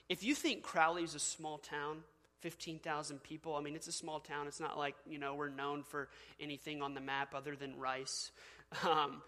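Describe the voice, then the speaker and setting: A man's voice: high voice, fairly bright tone. Man preaching in an echoing hall. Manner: conversational preaching with fillers and asides. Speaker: pastor. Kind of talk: sermon. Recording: long hall reverb.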